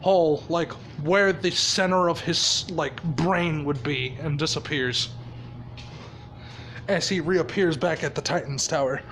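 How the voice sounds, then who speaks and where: A man's voice: fairly high pitch, a little slow, a bit bright, slight background noise. A man telling a made-up story casually, rambling and swearing, often laughing at his own ideas.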